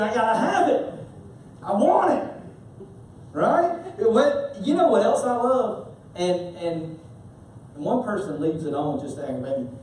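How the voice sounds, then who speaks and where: A man preaching a sermon as a pastor, telling stories with animated humor. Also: high-pitched, a little hiss or hum. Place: church sanctuary. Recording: echoey church hall from far off.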